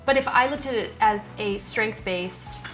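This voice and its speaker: Lively middle-aged woman co-host. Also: medium pitch, unhurried, faint music behind. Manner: lively, reactive, with frequent short affirmations. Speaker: podcast co-host. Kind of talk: casual chat.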